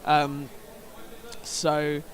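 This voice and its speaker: A man's voice: a little high, completely flat delivery, very slow. Hesitant male commentator. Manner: hesitant, many fillers and restarts. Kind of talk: sports commentary with anecdote.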